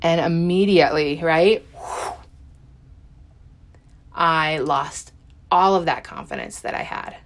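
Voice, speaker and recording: A woman's voice: deep voice, measured pace. Chatty woman telling a personal story. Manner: chatty, animated, many fillers and acted-out quotes. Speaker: podcast guest.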